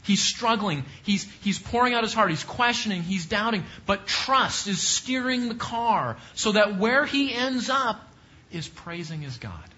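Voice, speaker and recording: Male bible teacher, high bright voice, emphatic, repeats questions, muffled lo-fi sound. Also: lively intonation, unhurried. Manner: repetitive, emphatic preaching with rising questions.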